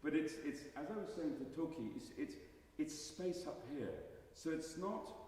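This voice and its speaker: Animated male voice coach in an echoey hall. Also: a little high, normal speed, recorded from a distance. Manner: animated, jokey, restarts often, sings short demonstrations. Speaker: voice coach leading a masterclass. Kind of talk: masterclass coaching. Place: large recital hall.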